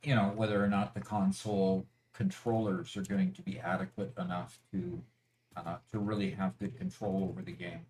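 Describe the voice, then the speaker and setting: Brief: man, gaming stream host, low and animated, halting and chatty. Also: a little hiss or hum. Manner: hesitant, lots of fillers and restarts. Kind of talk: casual livestream chat.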